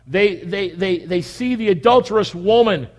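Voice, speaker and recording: A man's voice: sits high, moderate pace. A man preaching a conversational sermon in church, full of repeated rhetorical questions. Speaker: pastor. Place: church, at the communion table. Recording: long echo of a big hall.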